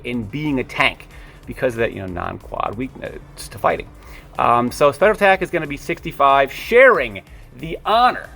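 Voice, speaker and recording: A man's voice: medium pitch, bright, forceful tone. A man talks casually to camera in a mid-range voice. He rambles and drifts into tangents. He stops to correct himself and swears now and then without much weight. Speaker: video creator.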